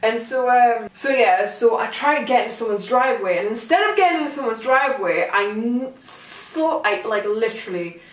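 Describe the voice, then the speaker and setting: Animated and fairly high-pitched, she talks at a normal speed with few pauses. She's a young vlogger at home doing a casual storytime to camera, rambling and poking fun at herself, recorded roomily from a far-off mic.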